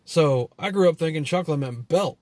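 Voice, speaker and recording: Profane rambling man, fairly high voice. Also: moderate pace, darkish tone, dry recording. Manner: profane, rambling, full of "you know" and "like". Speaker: vlogger. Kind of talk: casual storytelling rant.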